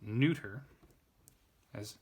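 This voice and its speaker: Man, lowish voice, casual grammar walkthrough, self-correcting, halting. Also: a little mellow, slightly rough. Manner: thinks aloud, restarts and self-corrects. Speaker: Latin tutor. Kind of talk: informal grammar lesson.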